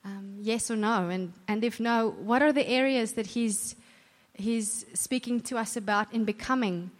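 A woman's voice: on the high side, measured pace. A woman giving an earnest, conversational church talk, often restarting her sentences. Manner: earnest, warm conversational preaching with self-corrections. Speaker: church speaker. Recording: long hall reverb.

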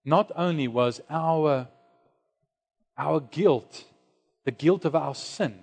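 A man preaching a sermon, dropping to hushed low lines and then rising to loud, high exclamations. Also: slow, vocal fry, husky. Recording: long hall reverb.

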